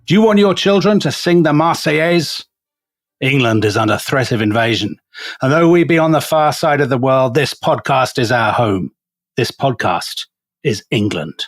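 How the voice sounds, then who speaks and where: Man doing a bold naval captain, rallying speech, loud and emphatic, dry close sound. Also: a little high, dry recording, pitched above the performer's own voice, natural voice. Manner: stirring speech to the crew, rising and emphatic. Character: rousing British naval captain, male, middle-aged, commanding.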